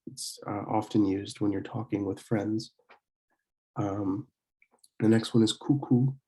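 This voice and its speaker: A young man from Pennsylvania giving a casual recorded online lesson, talking with many fillers and slowing down to demonstrate words. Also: lowish voice, fairly even intonation, dark tone. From Pennsylvania, USA. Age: young adult. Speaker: student French club teacher.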